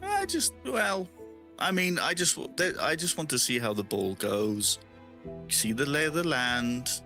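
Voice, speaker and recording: A man role-plays his character in a tabletop game, his voice swinging widely in pitch and sounding bright and forceful. He laughs often and stumbles over his words. A little music plays faintly underneath. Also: unhurried. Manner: laughing, hesitant, animated. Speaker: player.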